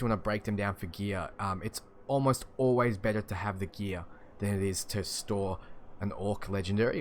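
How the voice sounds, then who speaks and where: A man's voice: on the low side, slight background noise. A young Australian man with an Australian accent, casually chatting and chuckling as he answers stream chat. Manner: chatty and laid-back, chuckling often.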